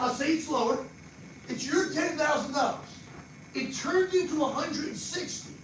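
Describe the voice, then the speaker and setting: An older man with a New Jersey accent gives a live money seminar. He talks fast and animated and quizzes people in the audience. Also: very high voice. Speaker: financial speaker. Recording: echoey far-off room mic with noise.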